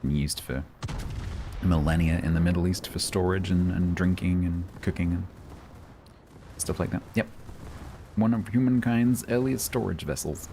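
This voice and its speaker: A man's voice: sits low, normal speed, creaky, long pauses, warm tone, a little hiss or hum. A man, chatting casually with his stream viewers and rambling with many ums and restarts. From London, England. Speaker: livestreamer. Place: home, United Kingdom.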